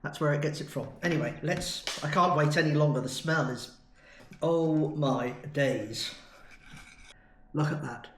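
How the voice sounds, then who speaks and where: A man's voice: on the high side, measured pace, fairly bright tone, reverberant. A man from the UK in a chatty, enthusiastic food review vlog. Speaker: food vlogger.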